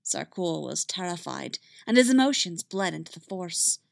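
A woman narrating a fan fiction story in a steady, even reading voice. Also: on the low side, normal speed, vocal fry, hardly any pauses, no echo, studio quality.

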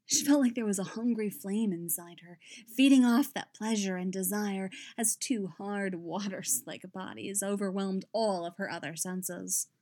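A woman narrating a story in an unhurried, even reading voice. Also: mid-range voice. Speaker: audiobook reader. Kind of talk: fan fiction narration.

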